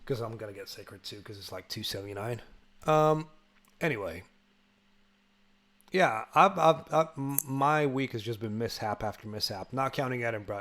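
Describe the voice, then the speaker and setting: A man's voice: mid-range voice, a bit bright. Young man, podcast host, from the UK, casual chat, frequent restarts. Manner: chatty, stumbling restarts, laughs easily.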